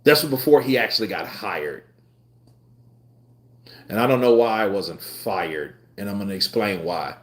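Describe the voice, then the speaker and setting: A man's voice: lowish voice, animated, moderate pace, pauses often. A man in his twenties hosting a live stream, chatting casually and telling rambling stories with frequent laughter. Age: 20s. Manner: laid-back, laughs often, rambling anecdotes. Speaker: livestream host. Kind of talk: casual live commentary and storytelling.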